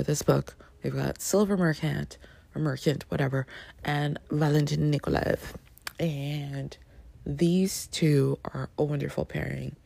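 A woman chatting casually as she reviews a book, gushing with lots of fillers and sudden excited jumps in pitch. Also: creaky, no echo.

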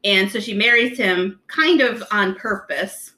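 A woman co-hosting a podcast chats casually at an ordinary pitch. Her voice is bright and forward. She laughs often and explains things at length. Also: measured pace, low-quality recording. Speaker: podcast co-host. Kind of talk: casual chat.

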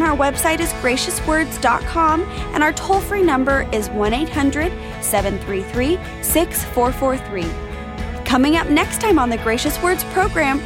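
A woman announcer reading a scripted radio program close in a clear, measured way. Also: high voice. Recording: announcement over music.

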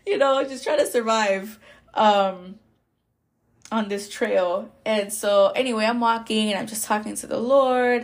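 A woman hosts a podcast and tells a personal faith story in loose, chatty talk. She laughs often and fills her sentences with fillers and restarts, and her pitch sits in a middle range. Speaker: podcast host. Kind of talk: casual faith testimony.

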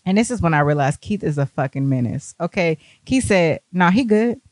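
Animated woman telling a wild story. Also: on the low side, normal speed, no room sound. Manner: animated, profane, acts out other people's lines. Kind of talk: casual storytelling.

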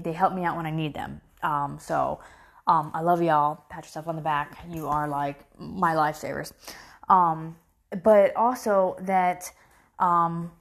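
Candid, rambling mom vlogger. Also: female voice. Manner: rambling, candid, emotional, swears freely; frequent fillers and restarts, rising pitch when worked up. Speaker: mother vlogging to her followers. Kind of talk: casual direct-to-camera chat.

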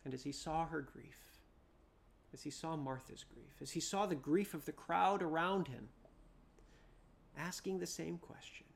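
A preacher giving a dramatic sermon, repeating phrases, rising loud then dropping to a hush. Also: medium pitch, unhurried, creaky, long pauses, slight background noise.

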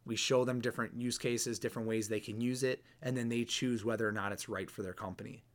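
A man's voice: medium pitch, fairly even intonation, quick pace. A man in his thirties hosts a podcast and gives a casual motivational talk in a mid-range voice. He is blunt and earnest and keeps restarting his phrases as he thinks. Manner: earnest, blunt, repeats words while thinking. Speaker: podcast host.

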